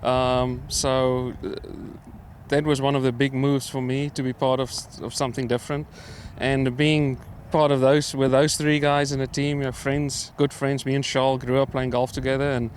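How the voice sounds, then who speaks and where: A middle-aged man from South Africa, a professional golfer answering interview questions in a relaxed, hesitant way with many fillers. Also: mid-range voice, moderate pace, slight background noise. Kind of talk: casual interview. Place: outdoors at a golf course.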